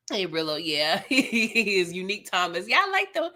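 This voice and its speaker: A young woman hosting a live TV episode recap, animated and slangy, laughing often as she reacts. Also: mid-range voice, normal speed. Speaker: TV recap host.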